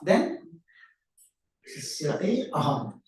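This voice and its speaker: High-voiced swami lecturing in an echoey hall. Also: male voice, big pitch swings, extremely slow, darkish tone. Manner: earnest, repeats key phrases, asks and answers own questions. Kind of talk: devotional lecture. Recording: roomy hall sound from a distant mic.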